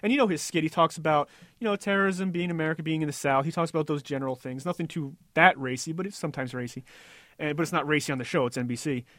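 A man's voice: a little high, quick pace, fairly bright tone, no room sound. A young man co-hosting casual talk radio in a studio booth, sarcastic and mocking. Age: young adult. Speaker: co-host.

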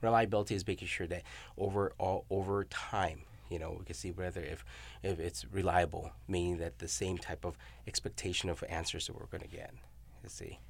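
In a low, creaky voice with fairly even intonation, a middle-aged professor and researcher talks a little fast in a casual academic discussion. He tells stories and keeps adding "you know?" and "right?".

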